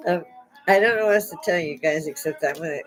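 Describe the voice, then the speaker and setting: A middle-aged woman chats loosely to her online audience in a fairly low voice. She sounds sore and close to tears, yet laughs often and jokes with irreverent humor. Faint music plays quietly behind her. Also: fast, rough recording. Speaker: vlogger hosting her own channel. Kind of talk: casual rambling chat to viewers.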